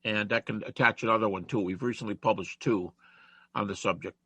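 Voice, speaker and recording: A man's voice: fairly low pitch, steady tone, brisk, a bit bright, slightly rough, dry recording. A man giving a conversational classroom lecture to students, reciting rhymes and verses as he goes.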